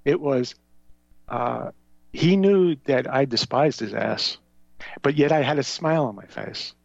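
A man's voice: mid-range voice, a little slow, vocal fry, dry recording. A man talking as a show guest, telling rambling stories that jump from one tangent to the next. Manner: animated, tangential, conspiratorial storyteller. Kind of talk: rambling conversational storytelling. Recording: dull lo-fi sound.

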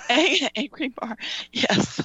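A woman's voice: high voice, expressive, a bit bright, no room sound. A woman hosting a casual interview, mostly affirming her guest with short replies. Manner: slow, affirming listener with brief interjections. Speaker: host. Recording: lo-fi sound with music behind.

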